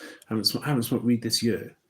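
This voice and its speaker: A man's voice: mid-range voice, fast talker, fairly bright tone. A man talking to camera in a loose, rambling monologue, often restarting his sentences. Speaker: vlogger.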